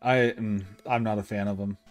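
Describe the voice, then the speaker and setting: A man's voice: lowish voice, steady tone, normal speed, faint music behind. A young man chatting casually on a livestream as he plays a retro game, reading bits of the game text aloud. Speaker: streamer playing a retro game.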